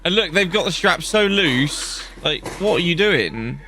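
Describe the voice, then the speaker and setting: A man's voice: fairly high pitch, unhurried, slight background noise. A young man chatting casually on a podcast, telling stories with lots of swearing. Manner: sweary, animated storytelling. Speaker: podcast co-host. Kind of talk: casual chat.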